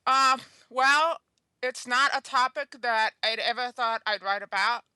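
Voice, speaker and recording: Earnest, chatty woman with a bright voice. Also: on the high side, unhurried, clean tone, no room sound. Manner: chatty, earnest, checks in with "okay?" and "you know". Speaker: guest author. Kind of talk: telling a personal story in an interview.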